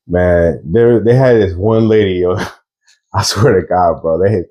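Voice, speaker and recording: A man's voice: sits low, measured pace, mellow. A young man co-hosting a podcast, telling rambling, filler-heavy stories in casual chat. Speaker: podcast co-host.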